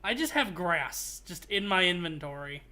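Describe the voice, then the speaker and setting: A male streamer chatting casually while playing, his voice bright and clear. He rambles in a joking way, often restarting his phrases mid-sentence. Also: high-pitched, expressive, moderate pace. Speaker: streamer host. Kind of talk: casual gaming stream chat.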